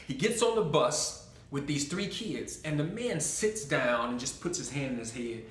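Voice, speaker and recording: A man's voice: a little high, fairly bright tone, slight background noise. A man hosting a talk about faith, telling a story earnestly and in a preaching tone, with some restarts. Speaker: host. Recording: echoey room.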